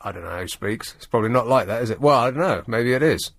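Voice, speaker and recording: A man's voice: medium pitch, lively intonation, gravelly, fairly bright tone, no echo. Sardonic male radio host. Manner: sardonic, rambling, halting. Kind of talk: late-night talk radio monologue. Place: radio studio.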